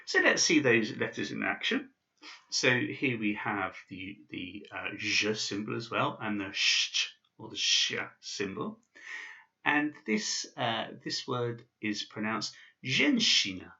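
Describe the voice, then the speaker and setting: A man's voice: fairly low pitch, animated, takes it slowly, creaky, pushed and bright, muffled recording. A man teaching basic pronunciation in a casual video lesson, with many fillers and restarts. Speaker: language teacher.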